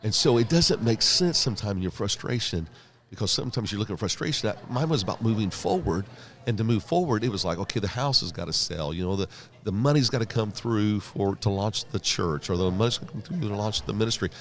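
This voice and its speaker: A man's voice: on the low side, quick pace. A man, telling his story as a pastor guest on a podcast and acting out the voices of people he quotes. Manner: animated storyteller, acts out quoted dialogue. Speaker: guest pastor and leadership author.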